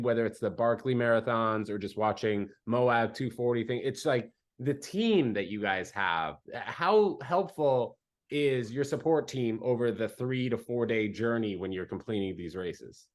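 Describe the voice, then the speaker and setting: A male host leads a casual interview, stringing his questions out at length before handing over. His voice sits at a plain middle pitch and sounds relaxed and conversational. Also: unhurried. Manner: asks long, winding questions. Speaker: podcast host.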